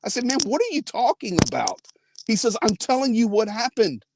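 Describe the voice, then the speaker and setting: A man's voice: very high voice, very animated, brisk, noisy background. A man hosting a live faith-based update from inside his car, telling a story earnestly and quoting others. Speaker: host.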